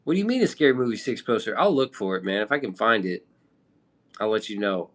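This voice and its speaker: A man's voice: on the low side, animated, fast talker, a bit bright. A man from the Midwest chatting casually on a live stream, rambling with loose slang and casual swearing. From American Midwest.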